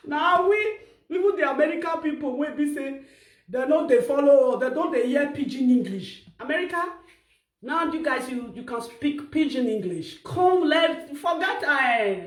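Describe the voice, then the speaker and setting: Nigerian woman vlogger, high voice, mocking gossip rant, echoey room. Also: moderate pace. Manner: animated, mocking, bursts of shouting. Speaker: vlogger commentator. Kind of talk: gossip commentary vlog.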